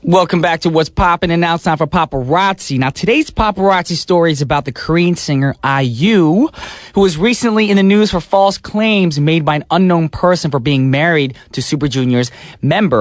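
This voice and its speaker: A man hosting a pop radio show, full of playful energy and slang. His voice sits a little high. He is recorded in a dry, close studio. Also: dry recording. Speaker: radio DJ and host. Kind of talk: radio DJ chat. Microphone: studio microphone.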